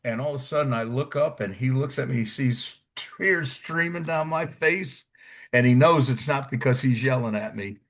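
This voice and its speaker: His mid-range voice is fairly bright and moves at a normal pace. This interview guest is a retired Army Ranger, a middle-aged American man telling casual basic training stories full of swearing and acted-out dialogue.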